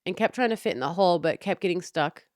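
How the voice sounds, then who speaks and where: Young woman podcast host, fired-up profane rant, lowish voice, dry close sound. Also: quick pace, dry recording. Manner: heated, profane, animated venting. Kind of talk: casual storytelling rant.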